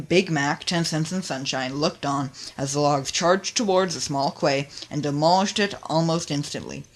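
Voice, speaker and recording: A calm storybook narrator who reads the picture-book story at an even, gentle pace. The delivery stays soft and steady between the characters' lines. It is a homemade reading. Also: medium pitch.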